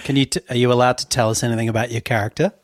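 A man's voice: mid-range voice, little pitch movement, racing, no room sound. Dry-humoured man asking questions. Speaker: podcast co-host. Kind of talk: casual chat.

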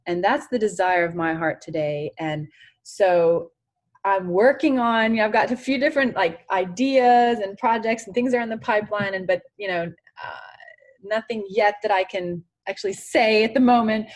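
A woman in her forties, a guest on an interview podcast, speaking earnestly and from the heart with many "you know"s. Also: mid-range voice. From France. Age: 40s. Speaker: interview guest, former tennis champion.

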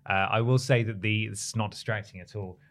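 A man's voice: fairly low pitch, fairly quick. A man co-hosting a casual gaming podcast, speaking in a dry, teasing way. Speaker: podcast co-host. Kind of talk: casual chat.

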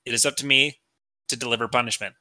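Brief: man voicing a menacing dom daddy, low hushed tone, sharp and dry. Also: steady tone, dry recording. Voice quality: low, hushed, deliberate delivery. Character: stern, menacing man playing a dominant daddy.

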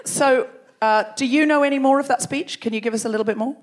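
A fast-talking woman with a high voice hosts a comedy podcast from a theatre stage, joking back and forth with a large live audience. Her banter is playful, stand-up style, and full of laughter.

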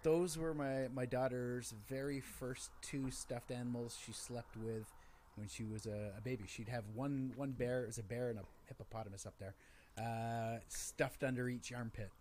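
A man's voice: medium pitch, steady tone, moderate pace, darkish tone, a little hiss or hum. A man co-hosting a casual podcast, talking with dry, wry humor. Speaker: podcast co-host.

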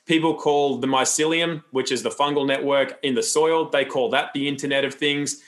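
A man's voice: medium pitch, steady tone, normal speed. A man talking as a podcast guest, loose and rambling, with frequent restarts and asides. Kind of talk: casual interview talk.

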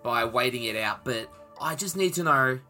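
A man's voice: medium pitch, animated, normal speed, pushed and bright, faint music behind. A young man, co-hosting a casual podcast chat with eager, restart-filled talk. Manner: chatty, eager, many restarts. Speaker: podcast co-host.

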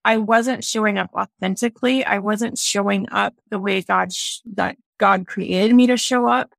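A woman's voice: mid-range voice, fairly even intonation, normal speed, gravelly, no echo. A woman guest on a podcast, talking in a reflective, earnest way about her own experience. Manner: reflective, earnest, speaks in lists. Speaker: podcast guest, business owner. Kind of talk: casual interview talk.

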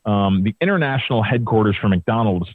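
Deep-voiced man on a tinny line. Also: lively intonation, fairly quick, no echo. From Chicago area. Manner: rambling storyteller, many uh and um. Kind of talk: casual chat. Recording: tinny phone-like remote line.

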